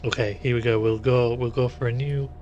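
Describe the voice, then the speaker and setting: A man keeps up a chatty running commentary while streaming a horror game live, squeamish and quick to laugh. His voice sits at an ordinary middle pitch, and faint game music plays underneath. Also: fairly even intonation, darkish tone, muffled recording. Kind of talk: casual live gameplay commentary. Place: room sitting in the dark.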